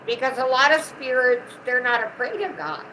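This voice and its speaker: A woman's voice: sits high, moderate pace, pushed and bright, a little hiss or hum, rough recording. A middle-aged woman with a Southern American twang, chatting affectionately on a casual livestream. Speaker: co-host of a livestream, the channel owner's mother.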